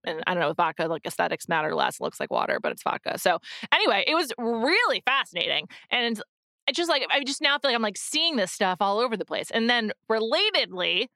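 Chatty bright-voiced woman co-host. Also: fairly high pitch, big pitch swings, a little fast, no room sound, studio quality. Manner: chatty, many "like" fillers and restarts. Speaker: podcast co-host. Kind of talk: casual chat. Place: in New York.

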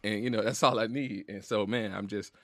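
A man's voice: fairly low pitch, fairly even intonation, no echo. Earnest, emotional man in a studio. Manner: emotional, earnest, drawn-out storytelling with slang. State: close to tears. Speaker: podcast guest. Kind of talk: heartfelt casual conversation. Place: recording studio.

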